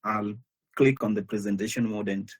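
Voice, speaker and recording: A man, a guest speaker, chatting casually before a live online session, talking in a hesitant, halting way with frequent restarts over a video call. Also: lowish voice, steady tone, slightly rough. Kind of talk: casual pre-show chat.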